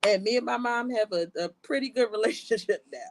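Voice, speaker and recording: Animated, laughing woman storyteller. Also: on the high side, fairly quick, dry recording. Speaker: podcast co-host. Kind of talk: casual chat.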